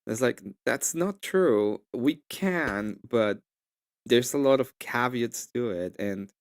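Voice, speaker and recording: A man in casual chat, retelling an argument in an animated, rambling way full of restarts. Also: medium pitch, takes it slowly. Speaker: guest.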